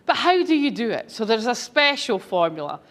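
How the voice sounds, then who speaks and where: Enthusiastic, higher-voiced woman telling stories. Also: very animated, fairly quick, fairly bright tone. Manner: enthusiastic, chatty anecdotal delivery. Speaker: speaker and author. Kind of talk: storytelling talk to an audience.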